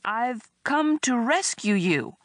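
A woman reading the part of a dim young prince in a storybook, his lines coming out wooden and unsure, as if read off a slip of paper. He speaks slowly, pitched higher than her plain narration, in a dry, close voice. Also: no room sound, exaggerated voice. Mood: uncertain. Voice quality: wooden, flat-sounding delivery. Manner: uncertain, reciting lines.

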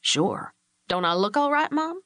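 A woman reading an audiobook voices a kind, even-tempered young rancher son who speaks calmly and respectfully. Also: high-pitched, unhurried, no room sound, clean studio sound, exaggerated voice. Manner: calm, mild, respectful.

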